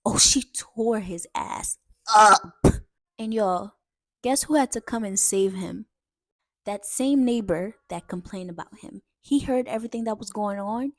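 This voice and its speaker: A woman casually telling a family story to her viewers in a lively, chatty way. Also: medium pitch, measured pace, no room sound.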